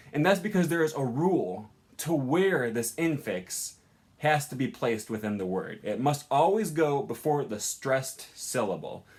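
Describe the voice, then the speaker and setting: A man's voice: medium pitch, a little mellow. A young man teaching a casual language lesson, chatty and informal, with many ums and uhs. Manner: chatty, lots of ums and uhs, laughs at own examples.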